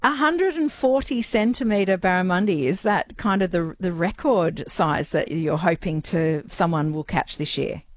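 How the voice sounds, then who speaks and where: A woman's voice: fairly low pitch, measured pace, hardly any pauses, slight background noise. An Australian woman hosting a morning radio show, chatty and upbeat as she talks with a guest. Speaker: radio host. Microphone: studio mic.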